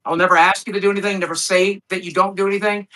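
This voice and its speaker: A man's voice: sits high, flat delivery, racing, pushed and bright, rough recording. A man co-hosting a live stream, arguing insistently and repeating his questions over and over. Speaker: stream co-host. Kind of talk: heated livestream argument.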